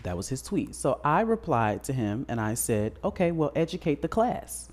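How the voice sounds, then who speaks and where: Man, podcast co-host, casual chat, blunt, crude, mid-pitched voice. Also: normal speed. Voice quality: blunt, animated storytelling with crude slang.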